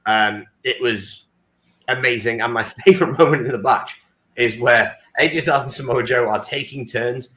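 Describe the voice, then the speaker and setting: A co-host on a casual podcast, this man has a mid-range, slightly bright voice at normal speed. He tells stories emphatically and confidently, like a knowledgeable fan of his subject, and the recording has a roomy echo.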